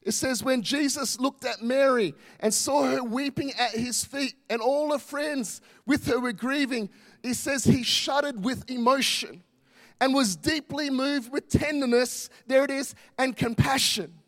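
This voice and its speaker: A man's voice: very high-pitched, unhurried, fairly bright tone. A male pastor, preaching a passionate, emphatic sermon full of repetition.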